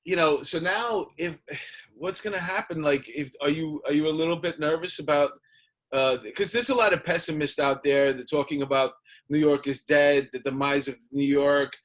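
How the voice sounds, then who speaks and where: A man's voice: a little high, steady tone, normal speed, a bit bright. A man hosting a casual interview, laid-back and joking, laughing often. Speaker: host.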